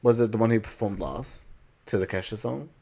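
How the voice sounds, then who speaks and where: A man's voice: fairly low pitch, fairly quick, creaky, warm tone, breathy edge. A young man, co-hosting a podcast and dropping dry, teasing comments. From Australia. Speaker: podcast co-host. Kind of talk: casual chat.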